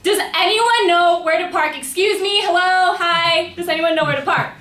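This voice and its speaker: A young woman leaning out of a car window, yelling high and pleading, as a woman puts her on. The sound is roomy and picked up from some way off. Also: moderate pace. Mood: shouting. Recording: roomy room, distant mic.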